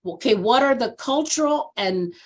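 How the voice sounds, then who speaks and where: A woman in her sixties speaks as a guest in a conversational interview, a veteran social worker sharing her experience. She tells stories with lively expression, often slipping into the voices of people she quotes. On personal matters she becomes earnest and reflective. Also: moderate pace. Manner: animated storyteller who acts out quoted voices with big pitch jumps.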